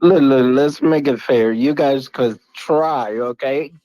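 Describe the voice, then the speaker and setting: A man in a casual chat, talking in a lively, playful way, heard over muffled lo-fi audio. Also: medium pitch, slow pace, no echo.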